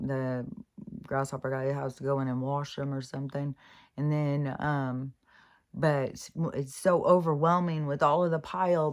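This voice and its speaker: A woman talking through her thoughts in a casual spoken reflection, halting and rambling, with frequent restarts and swearing. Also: sits low, a little mellow. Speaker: vlogger.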